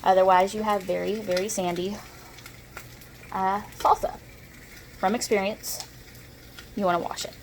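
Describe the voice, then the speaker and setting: A woman's voice: medium pitch, flat delivery, measured pace, gravelly, pauses often, slight background noise, poor audio. A woman with a Southern US accent, chatting and rambling through a homey cooking demo in her kitchen, recorded on a propped-up phone. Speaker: home cook. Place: home kitchen.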